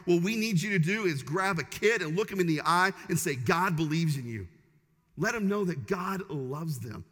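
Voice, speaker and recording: A man's voice: high voice, normal speed, a bit bright. A man in his forties, a pastor preaching a sermon in an emphatic, repetitive cadence in a church sanctuary. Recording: long reverb of a large church hall.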